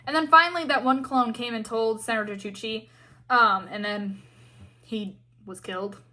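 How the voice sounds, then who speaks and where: A woman's voice: fairly high pitch, steady tone, normal speed, sharp tone. A young woman giving a casual, exasperated fan rant full of fillers and acted-out quotes. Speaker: fan commentator.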